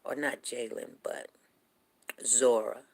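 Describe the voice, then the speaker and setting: A woman's voice: rumbling low, steady tone, takes it slowly, gravelly, darkish tone, breathy edge. A woman hosting a show, telling rambling folksy stories. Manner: rambling, folksy, with many restarts. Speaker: show host. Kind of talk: casual storytelling monologue.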